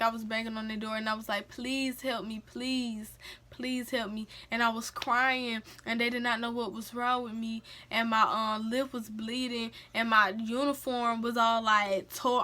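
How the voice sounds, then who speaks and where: A young woman tells a story, emphatic and full of feeling. Her voice sits a little high and sounds bright. She talks straight into a home camera in a casual vlog style. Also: moderate pace. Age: young adult. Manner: animated, emphatic, dialect-rich retelling. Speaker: storyteller vlogger.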